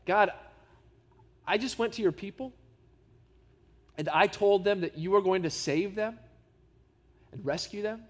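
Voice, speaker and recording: A preacher voicing an exasperated, doubting Moses. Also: male voice, high-pitched, long reverb tail. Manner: exasperated, incredulous questioning. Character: doubting, reluctant Moses pleading with God.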